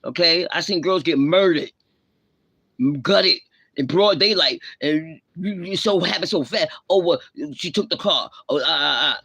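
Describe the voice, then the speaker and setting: A woman rants on her livestream, lecturing and scolding in blunt street slang. Her voice is sharp and forceful, and the sound is dry and close with no room echo. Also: lowish voice, a little slow, breathy edge. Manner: blunt, confrontational, heavy slang. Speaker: livestream host. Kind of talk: ranting live commentary.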